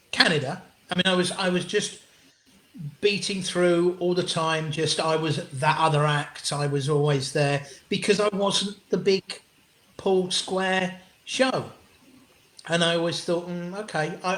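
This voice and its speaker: A middle-aged English man, a comedian guest, telling anecdotes in an animated, casual way with frequent restarts and the odd swear word. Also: high-pitched. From England. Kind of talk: anecdotal storytelling in an interview. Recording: roomy echo.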